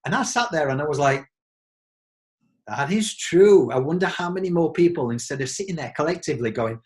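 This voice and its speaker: A man's voice: fairly high pitch, animated, quick pace. A man from England with an English accent hosting a podcast, talking in an enthusiastic, rambling way. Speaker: podcast host. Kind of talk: casual chat.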